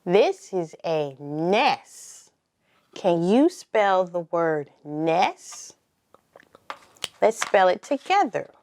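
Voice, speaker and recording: A woman leading a preschool circle time lesson, talking slowly and encouragingly and spelling words out letter by letter. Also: lowish voice, very animated, a little mellow. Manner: slow, sing-song and encouraging, spelling letter by letter. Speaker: preschool teacher.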